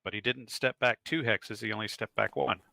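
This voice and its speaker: A man's voice: on the low side, steady tone, fairly quick, creaky, pushed and bright, no room sound. A man playing in a tabletop game, questioning and arguing positions in a wry way. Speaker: player.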